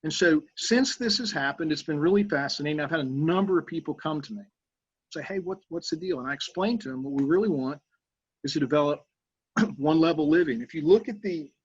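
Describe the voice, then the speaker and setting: Middle-aged man, husky, a bit higher-pitched, pleading his case earnestly at a town meeting. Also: animated, brisk, dry recording, dull audio. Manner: earnest, persuasive, conversational with fillers. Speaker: public speaker at town council meeting. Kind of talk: public comment speech. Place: council meeting room.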